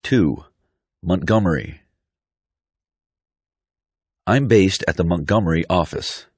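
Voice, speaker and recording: A man reading pronunciation drills slowly and deliberately, with each word clearly articulated. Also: deep voice, a little mellow, dry recording. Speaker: pronunciation teacher. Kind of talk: slow scripted drill reading.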